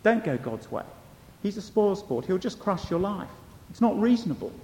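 A preacher putting on a sly, mocking devil. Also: male voice, high-pitched, very animated, normal speed, warm tone, echoey room, long reverb tail. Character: sly tempting male devil.

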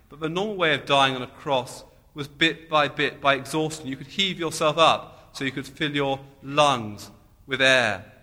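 Slow bright-voiced male preacher. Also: mid-range voice. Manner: slow, deliberate preaching with emphatic repeated phrases. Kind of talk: sermon. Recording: long hall reverb.

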